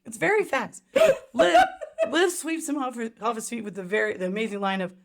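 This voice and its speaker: A middle-aged woman co-hosting a podcast, telling a story in casual chat, swearing freely and acting out quotes in high voices. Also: brisk, gravelly. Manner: swears freely, laughs often. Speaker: podcast co-host.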